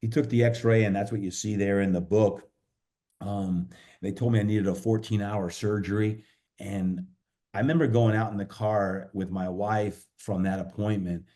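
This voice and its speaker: A man's voice: low voice, dark tone. A man as a podcast guest, recounting a hard personal stretch in an earnest, reflective way, with many fillers and restarts. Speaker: podcast guest, fitness coach. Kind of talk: personal storytelling in conversation.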